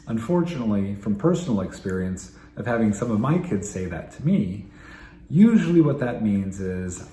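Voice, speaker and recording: A male family therapist giving calm, explanatory parenting advice to camera, repeating his key points. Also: fairly low pitch, normal speed. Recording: roomy echo, faint ambience.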